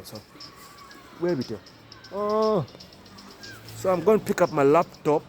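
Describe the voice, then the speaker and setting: A man with a Ugandan accent talking casually to camera outdoors in cold weather, chatty and mixing English with Luganda. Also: on the high side. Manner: chatty, switching between English and Luganda, laughing asides. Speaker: vlogger. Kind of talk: casual vlog monologue.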